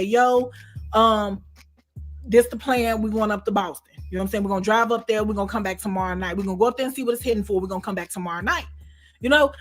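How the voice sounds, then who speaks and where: A woman's voice: on the high side, a bit bright. A woman being interviewed, telling a long story in a loose, slangy way and often checking in with the listener. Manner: slangy, repeats "you know what I'm saying". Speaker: interview guest.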